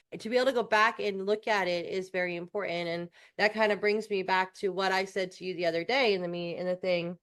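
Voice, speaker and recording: A woman's voice: mid-range voice, fairly even intonation, fast talker, hardly any pauses, a bit bright. A woman co-hosting a podcast, answering her friend in a supportive, reflective casual chat. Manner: supportive, reflective, with small restarts. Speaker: podcast co-host.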